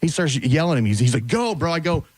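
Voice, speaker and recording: A man on a radio show, excitedly retelling a run-in, a bit out of breath. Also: medium pitch, very fast, breathy edge, no room sound. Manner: excited, retells a confrontation with lively quoted voices. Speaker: show regular. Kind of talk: animated storytelling on a radio show.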